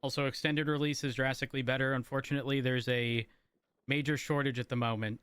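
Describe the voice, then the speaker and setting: A man's voice: mid-range voice, little pitch movement, fast, a bit bright, smooth, dry recording. A man playing a police chief in a role-play, joking and laid-back. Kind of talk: casual role-play chat.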